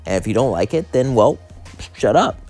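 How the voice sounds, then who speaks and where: A man's voice: medium pitch, very animated, normal speed, a little mellow, soft background music. A man hosting his own channel, talking casually and ranting bluntly and emphatically about his opinions. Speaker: channel host. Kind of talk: casual monologue and rant.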